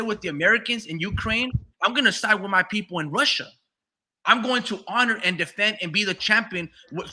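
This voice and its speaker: A man's voice: sits high, bright, forceful tone. A man co-hosting a casual boxing podcast, talking heatedly and cursing freely as he argues a fighter's side in the first person. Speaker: podcast co-host.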